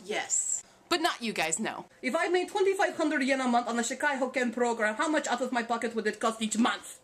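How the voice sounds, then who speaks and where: A woman's voice: a little high, a bit bright. A woman in her twenties answering viewer questions in a casual vlog, with a jokey, sarcastic manner. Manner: sarcastic, jokey, self-mocking.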